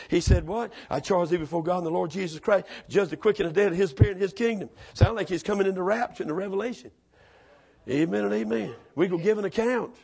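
A man preaches a fiery sermon, his voice high and gravelly with a husky edge. He shouts out the climaxes of his stories. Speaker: pastor.

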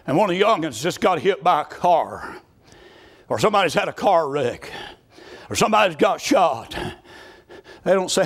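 A middle-aged man preaching a sermon, moving from quiet storytelling to loud, fervent shouting. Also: on the high side, animated, moderate pace. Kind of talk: fiery sermon.

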